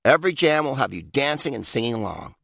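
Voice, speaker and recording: A man's voice: mid-range voice, big pitch swings, fast talker, gravelly, fairly bright tone, dry recording, clean studio sound. A man reading his own comic book aloud, sardonic and mock-pompous, with big swoops for emphasis. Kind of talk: comic audiobook narration.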